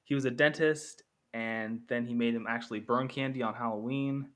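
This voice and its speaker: A man's voice: mid-range voice, steady tone, moderate pace, fairly bright tone. A young man casually comparing two films, rambling, correcting himself and tossing in jokey asides. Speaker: film reviewer. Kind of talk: casual spoken commentary.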